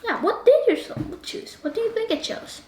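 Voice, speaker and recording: High-voiced woman asking questions in an echoey room. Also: normal speed, slight background noise. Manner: keeps asking the viewer questions, animated. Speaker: movie reviewer. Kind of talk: chatty video review. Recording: roomy echo.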